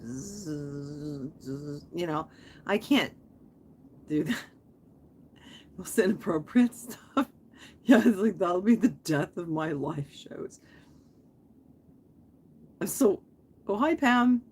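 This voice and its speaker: A woman's voice: mid-range voice, expressive, slow, pauses often, a little mellow, husky. A woman who hosts a live stream, chatting in a rambling way full of asides as she reads comments from her viewers. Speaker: online reseller and channel host.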